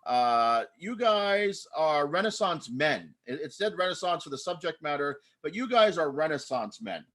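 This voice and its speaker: A man's voice: on the high side, sing-song, moderate pace, a bit bright. A man hosting an improv comedy show over a video call, chatty and rambling. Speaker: improv host. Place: home via video call.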